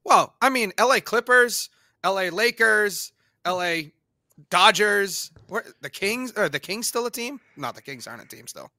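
A woman's voice: mid-range voice, lively intonation, moderate pace, sharp tone, dry recording, studio quality. A woman co-hosting a casual sports podcast, playfully exasperated with bursts of outrage. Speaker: podcast co-host.

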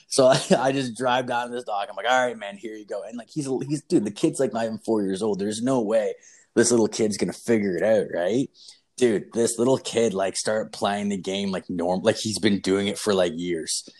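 A man's voice: fairly low pitch, moderate pace, darkish tone. A man in his twenties telling a rambling, profane story in casual chat, heavy with fillers.

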